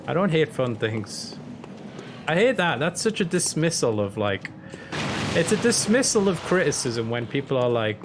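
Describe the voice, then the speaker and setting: A man's voice: medium pitch, normal speed. A young man chatting casually on a game stream, rambling, joking and swearing. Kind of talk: casual live-stream chat. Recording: steady background noise.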